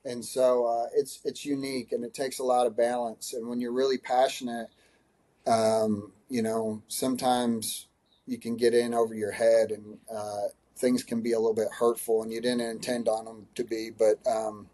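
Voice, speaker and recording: A man, a high school running coach, answering in a podcast interview, earnest and emotional, with many restarts. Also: flat delivery, normal speed, warm tone.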